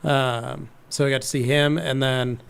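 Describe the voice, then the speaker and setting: A man's voice: medium pitch, level tone, a little slow, creaky, clear, resonant tone. A man co-hosting a podcast, giving an easygoing recap of the week in casual chat. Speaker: podcast co-host.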